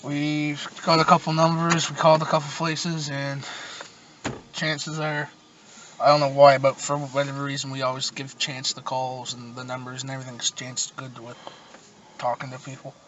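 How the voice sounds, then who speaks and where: A man's voice: mid-range voice, little pitch movement, normal speed. A young man from Nova Scotia, Canada, telling a rambling, profane story in casual podcast chat. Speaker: podcast host. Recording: muffled distant mic with loud noise.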